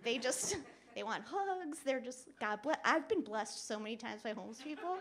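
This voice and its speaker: A woman telling a story on stage at a live show, chatty and animated, laughing often and using lots of "like" and "you know". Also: on the high side, normal speed, a crowd in the background. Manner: laughs often while talking. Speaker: guest speaker. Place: live show at a club venue.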